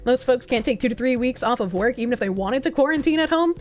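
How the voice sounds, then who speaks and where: High-voiced, foul-mouthed streamer woman. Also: fast talker. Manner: animated, swears freely, reads chat aloud. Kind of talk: casual livestream chat reading donations. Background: faint music.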